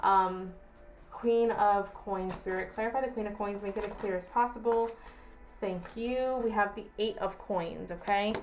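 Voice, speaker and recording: A young woman talks through a tarot reading for her viewers. Her voice sits at an ordinary pitch, and she speaks in a relaxed, chatty way. She keeps reassuring the listener and checks in with a friendly "okay?". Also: a little slow, slight background noise. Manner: chatty, reassuring, repeats herself, asks "okay?". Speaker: tarot reader. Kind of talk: casual tarot reading to camera.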